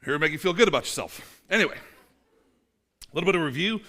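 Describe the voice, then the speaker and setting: A man's voice: fairly high pitch, lively intonation, a little fast, bright, forceful tone. A man in his forties, a pastor preaching a casual sermon in a church, chatty, with many fillers and restarts and dry self-mocking asides. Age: 40s. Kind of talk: conversational sermon.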